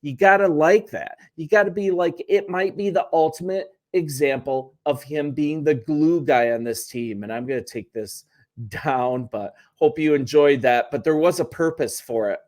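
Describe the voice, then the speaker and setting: A man's voice: a little high, normal speed. A man hosting a sports channel, talking casually to the camera in a chatty, wry way with joking asides and self-corrections.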